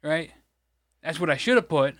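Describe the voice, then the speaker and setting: A man's voice: a little high, animated, normal speed, a bit bright, no echo, studio quality. A man from Michigan, co-hosting a podcast, rambling through an exasperated, profane story in casual chat. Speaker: podcast co-host.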